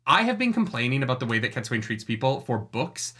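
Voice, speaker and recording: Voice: mid-range voice, very animated, fast talker, sharp tone, slightly rough. A podcast co-host in a casual book discussion, ranting with passion and plenty of swearing, acting out quoted characters. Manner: impassioned, profane ranting.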